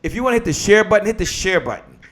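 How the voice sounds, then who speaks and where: A man's voice: high voice, big pitch swings, rapid-fire, a bit bright. A man hosting a live online business show, talking with energy and leading the audience in call-and-response declarations like a preacher. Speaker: host. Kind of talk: live-stream motivational talk.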